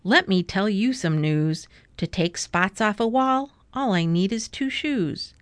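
A woman's voice: medium pitch, lively intonation, unhurried, no echo, lightly acted. A woman voicing a mischievous male cat in a hat in a storybook reading, playful and teasing. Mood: breezy. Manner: playful, teasing, sing-song.

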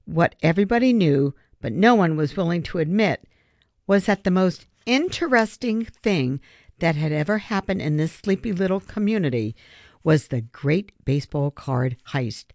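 A narrator reading a children's novel aloud in steady audiobook narration. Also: medium pitch, moderate pace, no room sound. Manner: steady storytelling.

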